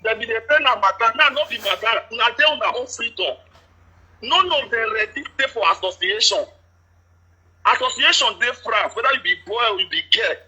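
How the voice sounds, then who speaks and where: A man caller speaking Nigerian Pidgin, explaining things at length in a steady, detailed way. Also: extremely high pitch, fairly quick, husky, poor audio. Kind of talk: casual chat.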